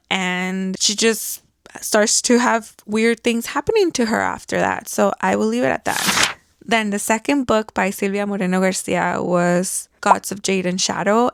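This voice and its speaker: A woman book vlogger chats through her reading in a relaxed, eager way, leaning on fillers as she goes. Her voice is smooth and resonant with a gravelly fry at the edges. The sound is close and dry. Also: medium pitch, no room sound. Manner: chatty and enthusiastic, frequent "like" fillers and light laughs. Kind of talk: casual reading wrap-up chat.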